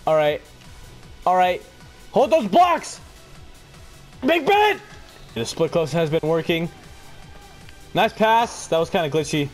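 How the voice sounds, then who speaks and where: A young man narrates his own football game in a high, wildly swinging voice. He mutters low, then bursts into shouts and laughter. Game music plays faintly underneath. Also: sing-song, takes it slowly, long pauses. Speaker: gaming video host. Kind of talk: excited gameplay commentary.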